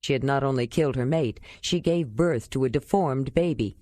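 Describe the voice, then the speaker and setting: A woman reading the part of a bitter, guarded young man of mixed clan blood in an audiobook, in a low and grave manner. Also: moderate pace, warm tone, no echo, studio quality.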